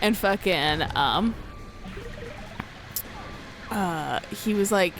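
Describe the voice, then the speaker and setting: A woman's voice: fairly low pitch, very slow, music in the background. A young woman chatting casually while a friend plays a game, telling a story with plenty of swearing and laughter. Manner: swears a lot, laughs often, animated storytelling. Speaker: co-host of a gameplay channel. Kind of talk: casual chat over gameplay.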